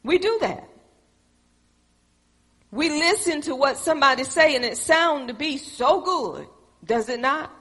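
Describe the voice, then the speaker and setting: A woman's voice: sits high, expressive, measured pace, pauses often, fairly bright tone. A woman preaching a sermon, folksy and calling on the congregation for responses. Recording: echoey hall with long reverb.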